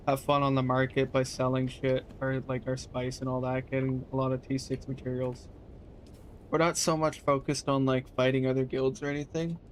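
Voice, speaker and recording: A man's voice: mid-range voice, slight background noise. A young man casually chatting to his viewers during a live game stream, loose and profane, answering chat questions. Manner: laid-back, swears casually, talks to chat.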